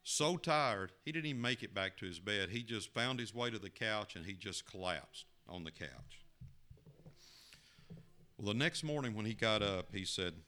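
A man preaches through a parable in a folksy, expressive way. His voice sits low but carries a bright, forceful edge, swelling up in pitch and volume at dramatic turns. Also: moderate pace. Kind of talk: sermon storytelling.

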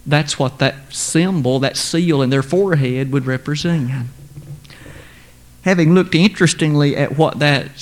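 A man preaching a sermon in a measured, formal and emphatic way. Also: fairly high pitch.

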